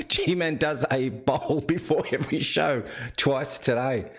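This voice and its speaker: A man's voice: medium pitch, slow. An Australian man hosting a live chat show and reading viewer comments aloud. He keeps breaking into laughter. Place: indoors.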